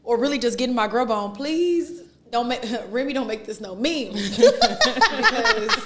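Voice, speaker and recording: A woman's voice: a little high, lively intonation, moderate pace, heavy background noise. A woman co-hosting a podcast, playful and laughing often in casual chat. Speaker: podcast co-host.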